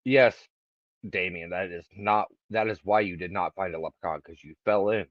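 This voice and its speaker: A man's voice: low voice, normal speed, no room sound, muffled recording. A man co-hosting a podcast, teasing his partner and handling announcements in casual chat. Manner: dry teasing, runs the show's announcements. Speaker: podcast co-host.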